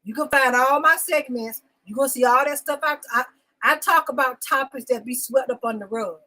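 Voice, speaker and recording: A woman's voice: high voice, brisk, pushed and bright, low-quality recording. A woman hosting a live talk show segment, venting emotionally, repeating herself for emphasis and greeting viewers by name. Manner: emotional and insistent, repeating phrases. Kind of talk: live-stream venting monologue.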